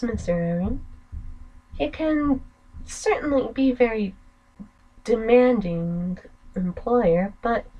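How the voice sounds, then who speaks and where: A woman's voice: a little high, darkish tone, lo-fi sound. A woman voicing a timid young housemaid who answers nervously and politely. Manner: hesitant, deferential.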